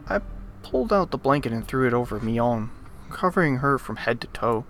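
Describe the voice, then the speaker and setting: A man hosting a let's play, reading a visual novel's narration aloud and breaking off into animated, joking rants. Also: medium pitch, normal speed, faint music behind. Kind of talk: reading game text aloud with commentary.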